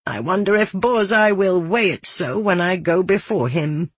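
A woman's voice: lowish voice, normal speed, husky, no room sound, voice pushed up. A narrator voicing a shrewd, motherly older woman who speaks warily and tenderly.

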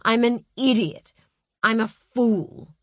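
A woman's voice: mid-range voice, big pitch swings, slow, fairly bright tone, no echo, clean studio sound, full character voice. A woman doing a flustered, apologetic agent man. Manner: fretful, self-reproaching.

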